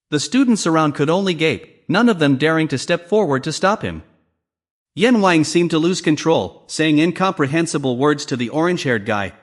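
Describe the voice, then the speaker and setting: A man narrating a comic story recap, reading all the characters' lines in his own voice. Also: fairly high pitch.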